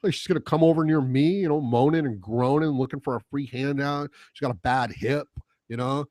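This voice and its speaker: A man talking on his own podcast in a loose, rambling way, swearing freely and chuckling between thoughts. His voice sits at an ordinary middle pitch. The sound is close and dry. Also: fairly quick, darkish tone, no room sound. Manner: rambling, profane, chuckles often. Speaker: podcast host. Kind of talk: casual solo podcast monologue.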